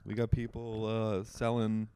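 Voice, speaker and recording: A man's voice: on the low side, monotone, unhurried, mellow, slight background noise. A man co-hosting a podcast in casual chat, teasing and laughing often. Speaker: podcast co-host.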